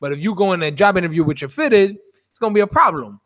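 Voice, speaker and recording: A man in a casual podcast conversation, talking quick and slangy. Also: high voice, animated, fairly bright tone, dry recording. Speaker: podcast co-host.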